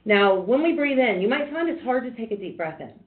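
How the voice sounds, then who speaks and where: A woman mindfulness instructor leading a workshop, talking people through deep breathing in a calm, reassuring, conversational way. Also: fairly quick. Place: workshop room. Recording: echoey room on a tinny, phone-like line.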